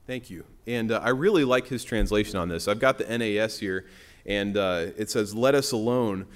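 A man's voice: on the low side, moderate pace. A man preaching a sermon in a church, in a conversational way with frequent restarts. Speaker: pastor.

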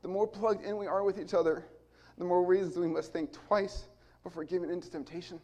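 A man's voice: high-pitched, steady tone, a little fast, darkish tone. A man in his forties preaching a sermon in an earnest, emphatic way, building his points through repetition.

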